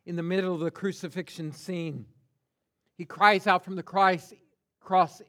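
A pastor preaching a sermon, emphatic and deliberate, swinging from hushed tones to loud cries and stressing single words. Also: male voice, high voice, fairly even intonation.

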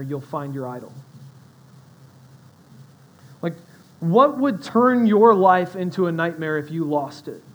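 A young man with a high voice preaching a sermon. He talks conversationally and breaks into animated asides with his listeners. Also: low-quality recording. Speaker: pastor.

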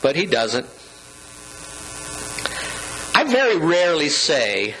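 A man preaching a sermon, quoting scripture dramatically and leaping up in pitch when he quotes. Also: lively intonation, unhurried, bright, forceful tone, slight background noise, rough recording. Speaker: pastor.

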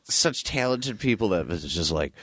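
A man's voice: fairly low pitch, lively intonation, normal speed, a bit bright, no echo, clean studio sound. A man chatting casually, blunt and sarcastic, swearing freely. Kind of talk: casual chat.

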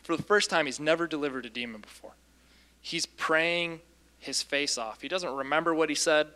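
A man casually recounting a deliverance story as a Christian minister, lively, with frequent ums and restarts. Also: fairly high pitch, normal speed.

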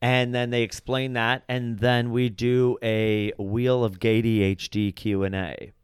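Comedian guest, male, animated rambling delivery, smooth voice, dry close mic. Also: mid-range voice, dry recording. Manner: animated storytelling, quick rambling. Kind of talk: casual chat. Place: his apartment in New York.

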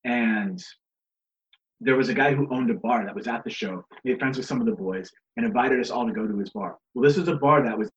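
A man's voice: mid-range voice, brisk, highs cut off. A man being interviewed about his wrestling days, telling stories casually, swearing, laughing and acting out what others said. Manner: profane, laughing, acts out others' lines. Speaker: guest, pro wrestler. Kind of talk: casual storytelling.

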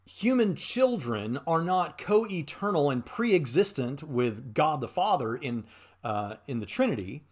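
A man's voice: on the high side, big pitch swings, measured pace. Earnest man arguing his case. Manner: earnest, argumentative, thinking aloud. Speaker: host. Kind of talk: casual commentary on a played clip.

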